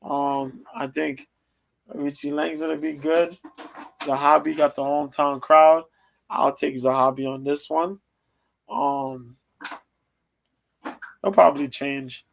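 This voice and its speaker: A man hosting a casual livestream, previewing fights in a loose, rambling way with lots of pauses and ums. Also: on the high side, steady tone, vocal fry, rough recording. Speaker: podcast host previewing fights.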